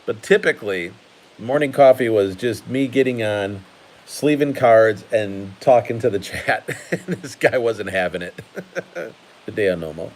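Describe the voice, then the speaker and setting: A man's voice: lowish voice, a little mellow, low-quality recording. A man hosting a casual card-collecting live stream, chatty and laughing often while he sorts cards at his table.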